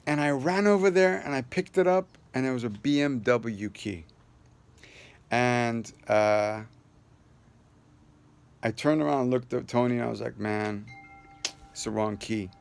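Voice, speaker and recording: Man, casual storytelling vlog, gravelly voice, mid pitch, rambling with lots of fillers. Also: a little slow, long pauses. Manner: loose and rambling, with many fillers and restarts; earnest, upbeat sign-off. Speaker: vlogger sharing a personal story.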